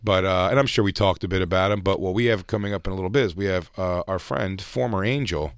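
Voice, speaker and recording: A man co-hosting a comedy podcast, riffing loosely and swearing, slipping into quoted voices. His voice sits on the low side. The studio sound is dry and close. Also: fast talker, clear, resonant tone, dry recording. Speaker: podcast co-host. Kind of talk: casual comedic banter.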